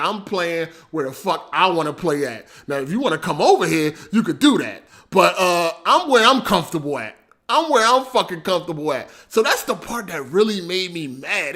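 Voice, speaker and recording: A man venting in casual livestream chat, animated and full of slang and swearing. His voice sits high for a man and has a bright, forceful edge. He rambles and repeats himself as he tells the story. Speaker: podcast host.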